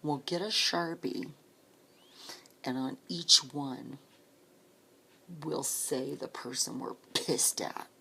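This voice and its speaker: A woman telling her own story of supporting grieving people, speaking softly and often dropping to a whisper, tearful at times. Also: very deep voice, slow, vocal fry, long pauses, slight background noise. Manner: soft, hushed, often breaking into a whisper. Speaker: grief support volunteer. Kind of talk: personal storytelling.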